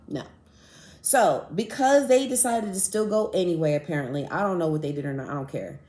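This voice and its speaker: Woman podcast host, casual and blunt, swears freely, low-ish voice, roomy echo. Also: fairly quick. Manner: blunt, profane, animated storytelling. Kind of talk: casual storytelling.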